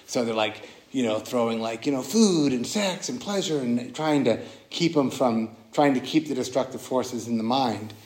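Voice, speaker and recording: A man teaches meditation in a relaxed, earnest way and often restarts his sentences. His voice sits at an ordinary mid pitch and rings with the echo of a roomy hall. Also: moderate pace, few pauses. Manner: casual and earnest, with many restarts and "like". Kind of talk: dharma talk at a retreat.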